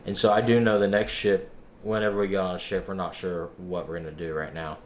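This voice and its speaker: Man, very low voice, casual vlog, exasperated storyteller, quotes people, faint noise behind. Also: little pitch movement, fairly quick. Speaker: vlogger.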